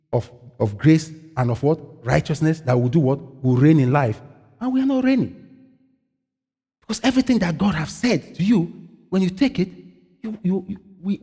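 A man preaching a sermon in an animated way, often asking the congregation a question and answering it himself, his voice a little husky. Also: on the high side. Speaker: pastor. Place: church. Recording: long hall reverb.

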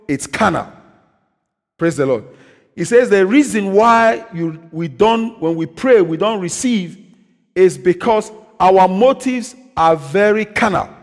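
A male pastor delivers a sermon in a high voice. He keeps asking the congregation questions and answering them himself, and he drops in "praise the Lord" between points. His voice carries with a long echo through a church hall. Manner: call-and-response preaching, frequent "praise the Lord".

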